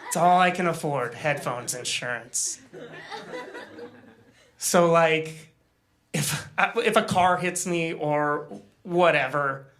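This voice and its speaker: A man's voice: a little high, takes it slowly, long pauses, a bit bright. A man doing a live stand-up set, telling a self-deprecating story with stammers and acted-out quotes. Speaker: stand-up comedian. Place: live comedy stage before an audience.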